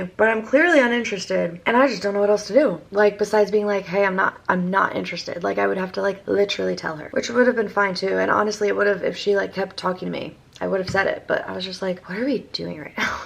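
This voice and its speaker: A young woman from Maryland, hoarse with her voice mostly gone, rambling through a casual vlog story with lots of fillers. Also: mid-range voice. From Maryland, USA. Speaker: vlogger.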